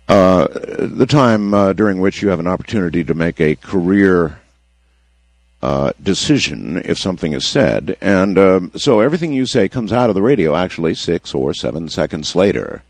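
A man hosting a late-night radio call-in show, measured and wordy with a wry touch. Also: low voice, darkish tone, no echo. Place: radio studio.

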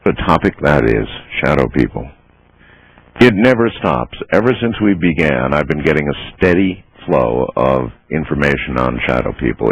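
A man's voice: extremely low pitch, creaky, slightly rough. A man hosting a late-night call-in radio show, amused and easygoing, laughing often, heard through muffled broadcast audio. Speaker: radio talk show host.

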